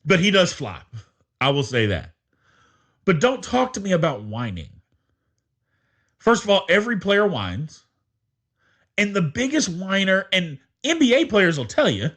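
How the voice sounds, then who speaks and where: A man hosting a casual sports podcast, talking in an animated, exasperated way and laughing often. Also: high-pitched. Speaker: podcast host.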